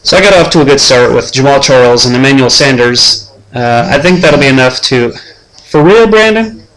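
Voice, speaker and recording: As commissioner of his fantasy football league, a young man hosts a mock sports-show preview and trash-talks the other players deadpan. His voice is mid-range and fairly quick, and the recording is rough.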